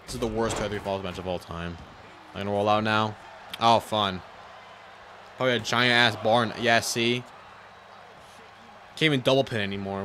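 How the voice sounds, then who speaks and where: A young man giving frustrated, sarcastic commentary over his own video game play, swearing and swinging from mutters to yells. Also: on the low side, slight background noise. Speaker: gaming YouTuber.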